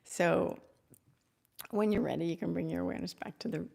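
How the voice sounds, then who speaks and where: A woman spiritual teacher leading a slow, devotional guided meditation and blessing on a live stream, speaking softly with a lot of repetition. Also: fairly low pitch, gravelly.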